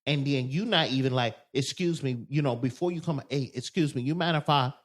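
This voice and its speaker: A man co-hosting a podcast in casual chat, telling animated stories and loudly acting out quoted lines. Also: medium pitch, brisk. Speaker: podcast co-host.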